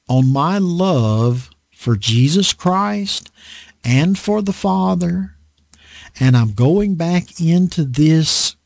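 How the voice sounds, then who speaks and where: A man's voice: on the high side, no room sound. A man preaching a conversational Bible sermon in a dry indoor room, self-deprecating and acting out voices as he teaches.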